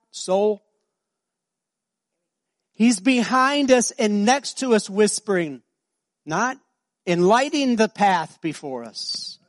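A male pastor preaching a sermon, swinging between soft, slow passages and loud, emphatic high-pitched stretches. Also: no echo, clean studio sound.

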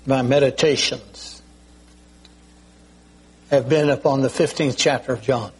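Slow, deliberate older male preacher. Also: medium pitch, fairly even intonation, a little hiss or hum, poor audio. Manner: slow, deliberate preaching with frequent throat clearing. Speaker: pastor. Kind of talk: sermon.

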